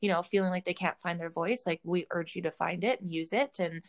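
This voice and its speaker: A woman's voice: fairly low pitch, fairly quick. Chatty, blunt woman podcast host. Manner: chatty and blunt, swears casually. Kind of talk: casual chat.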